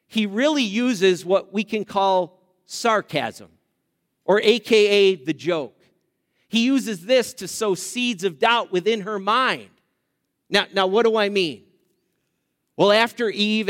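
Male pastor, sermon, high voice, emphatic repetition, long hall reverb. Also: a bit bright. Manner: emphatic, repeats phrases, addresses congregation directly.

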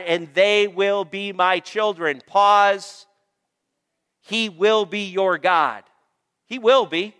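In a church sanctuary, a male pastor preaches an emphatic sermon in a high, bright, smooth voice. He slowly draws out long repeated lists and calls for amens from the congregation, while a long church-hall reverb rings around him.

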